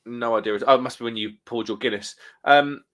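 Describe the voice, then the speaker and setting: A man's voice: medium pitch, brisk, a bit bright. A man co-hosting a casual pub live stream, reading out viewer comments and laughing often. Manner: laughs often, reads comments aloud in a bouncy voice.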